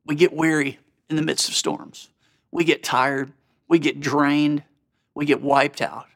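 A man delivers a sermon in a slightly higher register. He speaks earnestly and conversationally, often turning to his listeners with questions. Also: fairly bright tone. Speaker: pastor.

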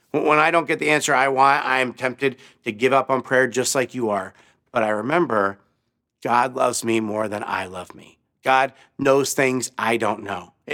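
A man's voice: mid-range voice, bright, forceful tone. A male pastor delivering a sermon, telling a story and acting out the voices of the people in it with rising emphasis.

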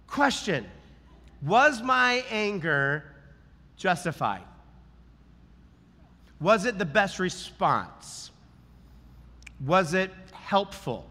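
High, bright-voiced pastor man. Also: extremely slow, pauses often, big-room sound. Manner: animated, acts out quoted lines with shouts. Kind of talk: sermon with storytelling.

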